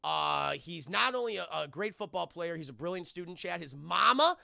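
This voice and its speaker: A man's voice: a little high, animated, normal speed, vocal fry, bright, forceful tone, no room sound, clean studio sound. A man streaming a casual film recap, rambling and swearing as he keeps talking to his chat. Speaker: film reviewer streaming live.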